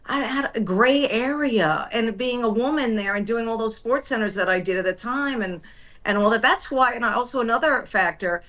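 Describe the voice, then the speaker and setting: A woman's voice: fairly high pitch, moderate pace, a bit bright. A middle-aged woman, a former sports anchor, chatting candidly as an interview guest and laughing often. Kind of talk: casual interview chat.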